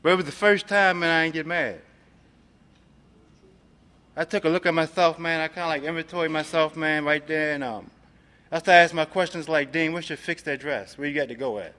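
A man's voice: a little high, a little fast, pushed and bright, big-room sound. A man from Maryland giving a personal recovery testimony, streetwise and profane, filling his talk with "man". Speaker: recovery speaker.

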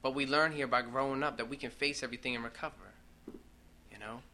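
Bright-voiced man sharing his story. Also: medium pitch, fast talker. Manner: casual, profane, full of fillers. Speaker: speaker sharing at a recovery meeting. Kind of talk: personal testimony share.

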